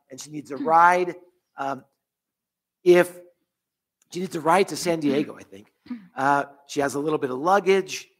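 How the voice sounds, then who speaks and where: A man pastor leading a closing prayer in church, earnest, with repeated phrases and restarts. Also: fairly high pitch. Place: church sanctuary.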